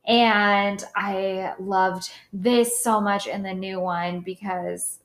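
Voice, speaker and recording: A young adult woman co-hosting a podcast in casual, animated chat, swearing freely and saying "like" a lot. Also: medium pitch, very slow. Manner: chatty, animated, swears, lots of "like". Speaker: podcast co-host.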